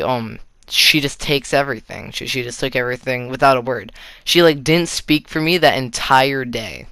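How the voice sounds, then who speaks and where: A man's voice: medium pitch, pushed and bright, clear, resonant tone, dry recording. A teenage boy telling a story from his own life in a rambling, casual way, with lots of swearing, fillers and restarts. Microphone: console facecam or headset mic.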